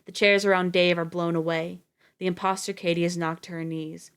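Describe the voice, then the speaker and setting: A woman reading a novel aloud on a live stream, steady with the odd slip and restart. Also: fairly low pitch, a little fast, smooth.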